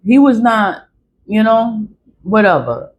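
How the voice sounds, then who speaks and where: A woman's voice: mid-range voice, very animated, slow pace, highs cut off, slight background noise. A woman telling a personal story in a casual vlog, blunt and profane, repeating herself for emphasis. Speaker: vlogger.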